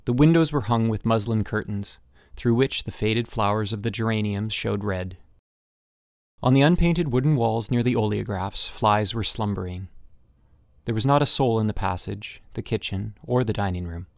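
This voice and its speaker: A man's voice: on the low side, vocal fry, dry recording, studio quality. Man reading an audiobook dryly. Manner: measured, even storytelling. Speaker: audiobook narrator. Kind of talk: scripted narration.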